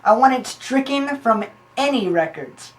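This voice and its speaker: A woman playing a rambling, scheming female informant who tells long stories in a deadpan way. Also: fairly high pitch, a little slow, a little hiss or hum, rough recording. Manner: long-winded, deadpan storytelling.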